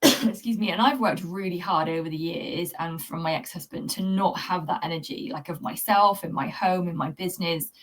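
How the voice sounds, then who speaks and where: A woman's voice: on the low side, normal speed. A woman hosting her own vlog, talking candidly and earnestly to viewers about a hard time. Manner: earnest, confiding, addresses viewers directly; conversational with fillers and restarts. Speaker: channel host, cat anxiety coach. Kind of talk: candid personal vlog talk to camera.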